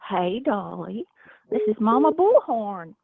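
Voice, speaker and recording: A middle-aged woman phones in to a livestream and talks slowly and wearily, pausing and sighing between thoughts. Her voice comes over a thin, tinny phone line. The sound is dry. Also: medium pitch, sing-song, creaky, breathy edge, no echo. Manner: slow and weary, with sighs and hesitations. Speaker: caller.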